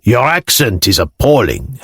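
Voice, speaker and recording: A man voicing an older male Norman lord with a deep voice, blunt and commanding in manner. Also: big pitch swings, measured pace, vocal fry, pushed and bright, husky, no echo, clean studio sound, exaggerated voice. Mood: amused, probing.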